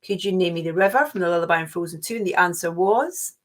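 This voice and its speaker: A woman's voice: on the low side, fast talker. A middle-aged woman hosting an online quiz, chatty and cheerful, gushing with little oohs. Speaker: quiz host.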